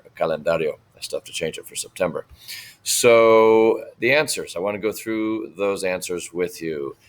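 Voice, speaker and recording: A man teaching a recorded Spanish lesson, patiently repeating words slowly for students to copy. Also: low-pitched.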